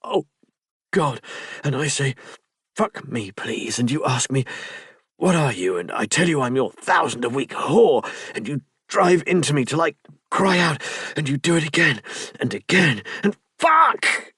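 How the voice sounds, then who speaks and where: Audiobook lover voiced by the male reader: shameless man, hushed murmuring delivery, dry booth sound. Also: mid-range voice, expressive, unhurried, breathy edge, no echo, exaggerated voice. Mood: breathless. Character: bold, shameless adult man lover, whispering. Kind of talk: audiobook character voice.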